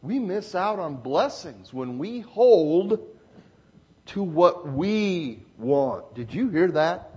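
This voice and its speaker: A man preaching a sermon with emphatic, repeated phrases, swinging from loud exclamations to hushed asides. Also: on the high side, sing-song, slow pace, breathy edge.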